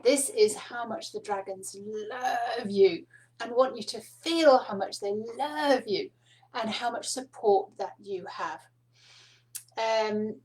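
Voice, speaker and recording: A middle-aged woman hosting a spiritual card reading, speaking softly and meanderingly with fillers and small laughs. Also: fairly high pitch, rough recording. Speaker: spiritual card reader and host. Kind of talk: casual spoken teaching to camera.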